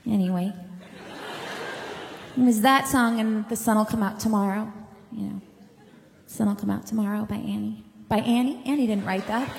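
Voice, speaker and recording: A woman from Long Island with a Long Island accent, a singer telling a comic anecdote to an audience, lively and self-mocking with chatty asides. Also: medium pitch, vocal fry, long reverb tail, slight background noise. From Long Island, New York.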